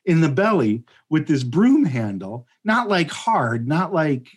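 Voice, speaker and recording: A man, a podcast guest, telling a comedic story in a casual, animated way, rambling with lots of fillers and laughing mid-sentence. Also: on the high side, measured pace, breathy edge.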